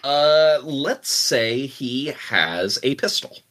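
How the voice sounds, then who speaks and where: A man's voice: medium pitch, expressive, drawn-out words, fairly bright tone. A man running a tabletop role-playing game as game master, narrating playfully, laughing and often repeating words.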